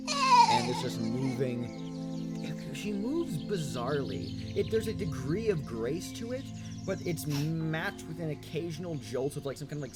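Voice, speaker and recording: Male game master, lively pitch, hesitant fillers, music behind. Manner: hesitant, full of "like" and "um". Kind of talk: narrating a tabletop game.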